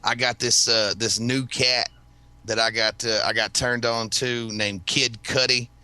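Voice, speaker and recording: A man's voice: mid-range voice, level tone, a little slow, pushed and bright, smooth, no room sound. A man in casual podcast chat, telling rambling, profane stories and laughing often. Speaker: podcast host.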